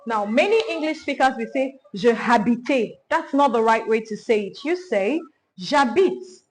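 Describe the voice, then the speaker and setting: High-voiced woman teaching French basics. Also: animated, low-quality recording. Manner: slow, repeats phrases for learners. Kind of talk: beginner language lesson.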